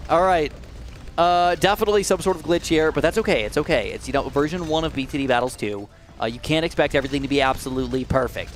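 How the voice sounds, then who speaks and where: A man hosting live gameplay commentary, excitable and talking straight to his viewers, swinging from low muttering to shrieks of alarm. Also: fast, soft background music. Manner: addresses viewers directly. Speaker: gaming channel host.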